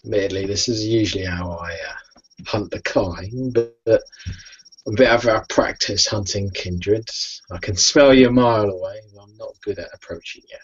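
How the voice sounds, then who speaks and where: A blunt, fight-loving male vampire, as a man puts him on in a tabletop game, gruff and boastful, his lines often dropping low and soft at the ends. The voice sits a little low, and the sound is dull and lo-fi like a video call. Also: moderate pace, a little hiss or hum, lightly acted.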